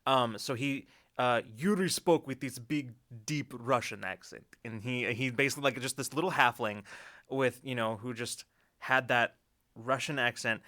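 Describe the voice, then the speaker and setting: A man's voice: medium pitch, pushed and bright. A man co-hosting a casual tabletop gaming chat show, telling stories animatedly and laughing often. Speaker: podcast co-host.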